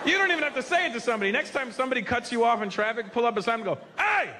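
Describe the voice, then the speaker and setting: A man's voice: very high-pitched, lively intonation, very fast, a loud crowd. A male stand-up comedian doing crude, conspiratorial bits on a club stage. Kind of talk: stand-up set. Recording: loud audience laughter and noise.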